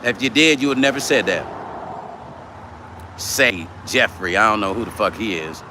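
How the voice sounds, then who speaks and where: A man hosting a casual livestream, his voice bright and forceful. He talks bluntly and swears freely as he answers viewer comments, with faint city traffic audible in the background. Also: lowish voice, moderate pace. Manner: blunt and profane, reads viewer comments aloud.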